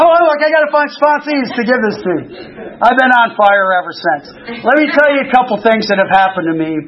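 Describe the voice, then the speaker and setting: Casting note: man in his 60s, high voice, earnest storyteller at a recovery meeting, dull lo-fi recording. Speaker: speaker sharing recovery story.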